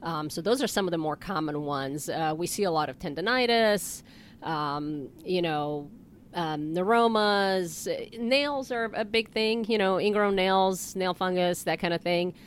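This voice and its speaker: A woman with a lowish voice speaks as a podiatrist guest on a talk show. She explains foot care plainly and laughs easily. A faint hiss sits under the recording. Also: unhurried. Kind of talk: casual interview talk.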